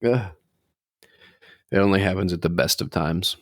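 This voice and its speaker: A man's voice: low voice, little pitch movement, quick pace, dry recording. A man co-hosting a podcast in casual chat, teasing and laughing often. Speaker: podcast co-host.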